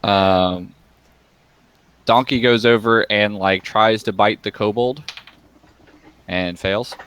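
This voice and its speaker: A man's voice: fairly low pitch, steady tone, slow pace, a bit bright, clear, resonant tone, dry recording. A young man running a tabletop game as game master, talking casually with lots of fillers and frequent laughter.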